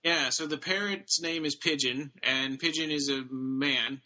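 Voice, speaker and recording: A man's voice: a little high, steady tone, unhurried, pushed and bright, rough recording. A man co-hosting a podcast, casually retelling a short story with plenty of ums and restarts. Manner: retells stories loosely, with many fillers. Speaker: podcast co-host. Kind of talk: casual chat about books.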